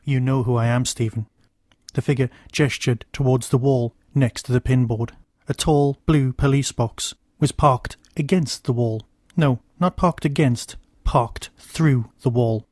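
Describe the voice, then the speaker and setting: Podcast host guy reading a short story, steady, dry close sound. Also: medium pitch, unhurried, hardly any pauses, dry recording. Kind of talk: storytelling narration.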